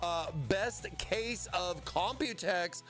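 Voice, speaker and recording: A man's voice: high-pitched, slow pace, a bit bright, faint music behind. A man hosting a casual product livestream, rambling and often stammering and repeating words. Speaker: livestream host.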